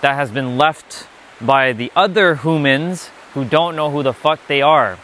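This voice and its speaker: Blunt, bright-voiced male spiritual teacher. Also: mid-range voice, unhurried, slight background noise. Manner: blunt, profane, emphatic. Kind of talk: unscripted spiritual lesson.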